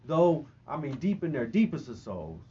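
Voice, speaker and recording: A man's voice: medium pitch, sing-song, normal speed, dark tone. A man hosting a casual podcast interview, asking easygoing questions and prompting his guest to go on. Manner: prompting, laid-back questions. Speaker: podcast host. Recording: dull lo-fi audio with faint noise.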